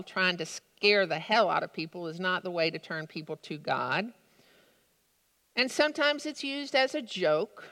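A woman preaches slowly and deliberately, leaning into her stories with a dry wit. Her voice is bright and forward. The sound carries a long reverb, as in a large church hall. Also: mid-range voice. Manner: measured, storytelling delivery with dry humor. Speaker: pastor. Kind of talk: sermon.

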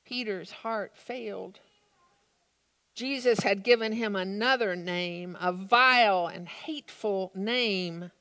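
Woman preacher, earnest and reflective, mid pitch, slow delivery, reverberant room. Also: sharp tone. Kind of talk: sermon with story reading. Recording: long reverb of a large room.

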